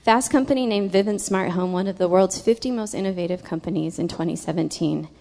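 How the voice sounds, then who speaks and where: Low-pitched woman interviewer. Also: brisk, warm tone. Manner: dry, wry asides. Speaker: interviewer, host. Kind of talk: reading a guest introduction, then interviewing.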